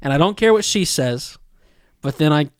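Animated man recapping an anime. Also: fairly high pitch, normal speed, clean tone, no room sound, clean studio sound. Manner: animated storytelling, quotes himself. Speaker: podcast co-host. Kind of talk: casual anime recap chat.

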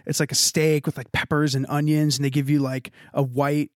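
A podcast co-host with a slightly raised voice who talks in loose, meandering bursts full of filler words. His takes are relaxed, friendly banter. The sound is dry and close to the mic. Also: on the high side, fairly quick, dry recording. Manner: rambling, filler-heavy storytelling with lots of "like". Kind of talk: casual chat.

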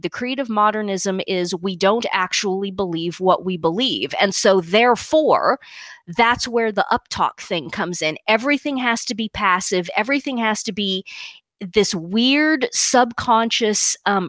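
A woman's voice: mid-range voice, fairly bright tone, no echo. Woman, podcast co-host, firm declarative delivery, opinionated commentary, dry close sound. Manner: emphatic, declarative, downward-inflected statements.

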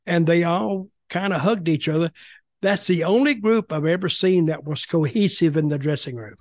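A man's voice: a little high, normal speed, dry recording. An older man telling blunt, rambling stories in casual podcast chat, often repeating himself. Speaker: podcast guest, former wrestling executive.

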